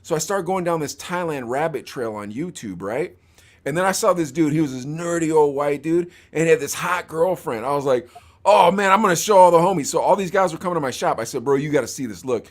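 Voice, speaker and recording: Male host, fairly high voice, chatty, acts out every character in his stories. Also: fairly quick. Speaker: podcast host. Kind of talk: casual chat.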